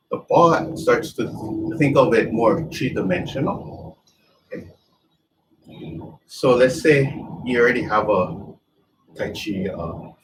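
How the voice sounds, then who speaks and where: A man with a low voice teaches a tai chi class at an unhurried pace, his phrases loose and broken as he shows each move. He sounds set back from the mic, with a faint hiss of background noise. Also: far from the mic, poor audio. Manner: loose, broken phrasing while demonstrating moves. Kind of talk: demonstration lesson.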